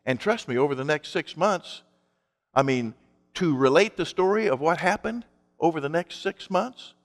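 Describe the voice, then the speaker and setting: A man's voice: on the high side, expressive, normal speed, big-room sound. A male pastor preaching a sermon in an emphatic, conversational way, asking his congregation rhetorical questions.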